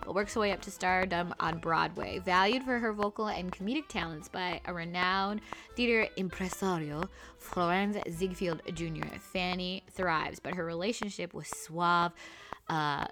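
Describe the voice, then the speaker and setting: A woman's voice: fairly low pitch, moderate pace, over music. A woman co-hosting a podcast in casual chat, laughing often and giggly in her banter. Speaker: podcast co-host.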